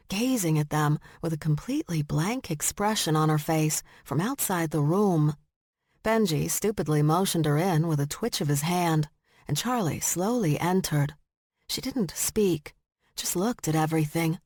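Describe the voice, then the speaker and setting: Low-voiced woman narrating an audiobook. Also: a little mellow, no echo, clean studio sound. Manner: slow, measured storytelling. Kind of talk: scripted narration.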